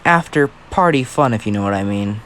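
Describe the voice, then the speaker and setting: A man doing a smooth laid-back young guy. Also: lowish voice, animated, normal speed, fairly bright tone, slight background noise.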